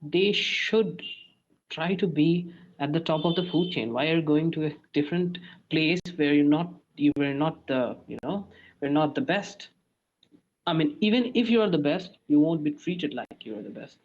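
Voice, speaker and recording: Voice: medium pitch, normal speed. A podcast host chatting casually, hesitant, with many restarts and fillers. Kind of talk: casual chat. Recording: dull lo-fi sound.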